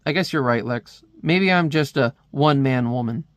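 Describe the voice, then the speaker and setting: A man reading the lines of a weary, resigned married woman from a comic, in a flat tone. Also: mid-range voice, moderate pace, no echo, natural voice.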